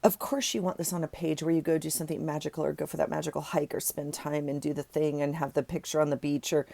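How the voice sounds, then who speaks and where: A woman's voice: sits low, mellow, dry recording. A woman vlogger chatting casually and rambling as she sorts through journaling supplies at her desk. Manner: rambling, chatty, self-correcting. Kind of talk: casual chat while tidying a desk.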